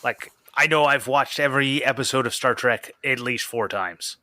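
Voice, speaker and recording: Young man, podcast host, bright forceful voice, dry close sound, casual rambling chat. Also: mid-range voice, normal speed, no echo. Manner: rambling, reads out listener questions.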